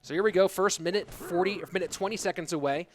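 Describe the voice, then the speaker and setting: A man's voice: sits high, quick pace, slight background noise. A man commenting a live game tournament, playful and joking with the chat as he calls the plays. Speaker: esports commentator.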